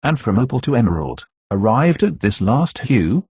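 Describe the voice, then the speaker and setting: A man narrating a classic novel in a steady, measured reading, recorded close to the mic. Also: medium pitch, breathy edge, dry recording. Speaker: audiobook narrator.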